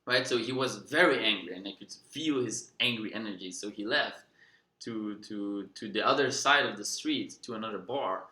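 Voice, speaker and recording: A man vlogging, telling a personal story in a relaxed, calm way, with many fillers and restarts. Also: fairly low pitch, normal speed, reverberant. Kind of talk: casual storytelling.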